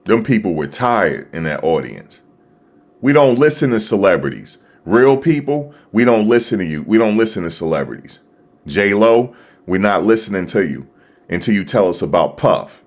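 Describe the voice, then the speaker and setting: A man hosting a live stream, talking casually and excitedly to his viewers, repeating himself as he reacts. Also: on the low side, moderate pace. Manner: animated, repetitive, talking to chat viewers. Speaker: livestream host. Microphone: desktop USB microphone.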